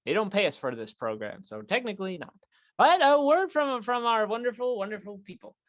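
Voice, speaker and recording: A woman's voice: mid-range voice, very animated, a little fast, lo-fi sound. A woman hosting a comedy talk show with a theatrical, hammy announcer delivery, running a mock paranormal call-in segment.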